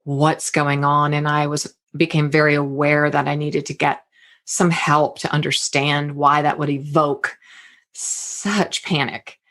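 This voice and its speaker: A woman hosting a podcast interview, talking in an animated way that often breaks off and restarts her sentences. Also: low-pitched, measured pace. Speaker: podcast host. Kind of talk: conversational interview.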